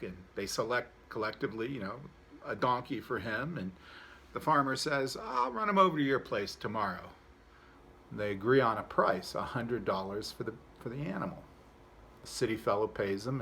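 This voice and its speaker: A pastor giving a devotional talk, telling a folksy story and then reflecting on it in a relaxed, conversational way. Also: male voice, lowish voice, moderate pace, slight background noise.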